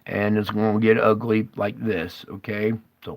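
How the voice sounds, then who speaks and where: Gravelly guy rambling over clips, keeps checking in with viewers, dry close sound. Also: on the low side, level tone, normal speed, no echo. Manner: rambling, keeps asking "okay?". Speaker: conspiracy video host.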